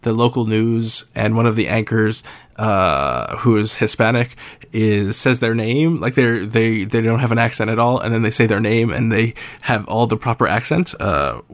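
A man's voice: on the low side, normal speed, dry recording. A man hosting a podcast, chatting casually and rambling with frequent filler sounds. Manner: rambling, many uh fillers, wry. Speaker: podcast host.

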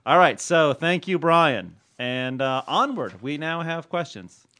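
A playful man co-hosting a chatty podcast, his voice pitched a bit high and swooping up and down a lot as he teases his partner. His talk is loose and unscripted. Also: big pitch swings, takes it slowly, sharp tone. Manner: playful, teasing banter. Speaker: podcast co-host. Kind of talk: casual chat.

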